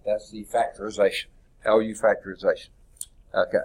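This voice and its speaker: A man teaching a math class in a classroom, talking deliberately and drawing out his words as he writes on the board. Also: on the low side, little pitch movement, slightly rough. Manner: deliberate, stretches words while writing on the board. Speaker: math instructor. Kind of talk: classroom lecture.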